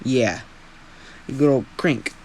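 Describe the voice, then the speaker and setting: A man's voice: mid-range voice, slow pace, a little hiss or hum. A young man who hosts a fan-story channel, telling an improvised story in a rambling, self-deprecating way with a lot of swearing.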